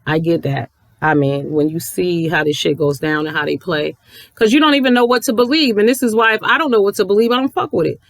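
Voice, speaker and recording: With a lowish, gravelly voice and a quick pace, a woman rants to her YouTube viewers, swearing liberally and addressing them head-on. Her tone is blunt and sassy, and there's no echo.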